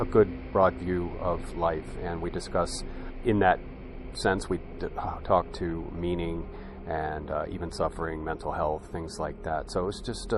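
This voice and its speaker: An American man hosting a podcast interview, talking in a relaxed, rambling way with many fillers. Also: low-pitched, noisy background. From United States. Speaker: podcast host.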